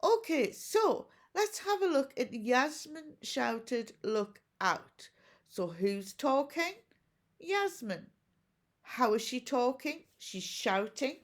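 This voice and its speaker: A woman teacher talks through a recorded lesson for children at home. She speaks slowly and patiently, asking questions and explaining each step. Her voice sits a little high. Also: sing-song. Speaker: primary school teacher.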